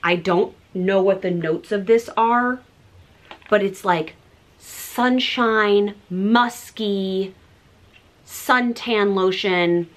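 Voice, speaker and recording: A woman in her thirties chatting breezily to camera as a beauty vlogger, full of "like" fillers and soft asides. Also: medium pitch, drawn-out words. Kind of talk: casual chat showing products.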